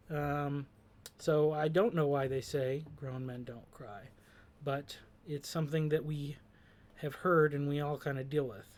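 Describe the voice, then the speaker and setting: With a fairly high pitch and a darkish tone, this male host offers reflective commentary on song lyrics. He speaks thoughtfully but haltingly, with many fillers and restarts.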